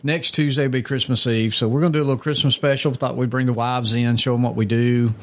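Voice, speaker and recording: A man's voice: mid-range voice, fairly even intonation, fast talker. Joking man hosting a podcast. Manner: joking, teasing. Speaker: podcast host. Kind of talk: casual chat. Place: small podcast studio.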